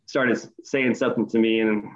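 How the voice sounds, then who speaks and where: A man's voice: lowish voice, brisk. Guy telling a bar story, swears a lot, dull recording. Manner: animated, profane retelling, voice rising in quoted outbursts. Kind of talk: casual chat.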